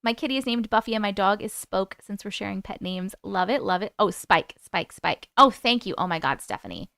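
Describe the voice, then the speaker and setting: Bright, crisp-voiced woman chatting on a live stream. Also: mid-range voice, expressive, fairly quick, no room sound, clean studio sound. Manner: chatty, laughs often, reacts to viewer comments. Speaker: YouTube live host. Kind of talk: casual live-stream chat reading comments.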